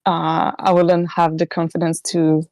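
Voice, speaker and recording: Woman, French-Canadian accent, native French speaker, lowish voice, hesitant, dry close sound. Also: monotone, unhurried, a little mellow, no room sound. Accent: Québécois French. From Quebec, Canada. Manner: hesitant, searching for words, laughing often. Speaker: podcast co-host. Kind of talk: casual podcast chat.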